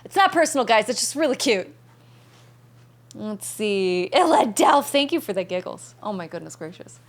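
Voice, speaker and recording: A woman's voice: mid-range voice, very animated, normal speed. A young woman streaming a game, chatting casually and bubbly with viewers and thanking them by name.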